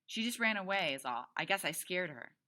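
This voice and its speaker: A woman's voice: on the low side, expressive, fairly quick, pushed and bright. A woman voicing a big, shy teenage boy who talks plainly, read aloud from a novel. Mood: shrugging.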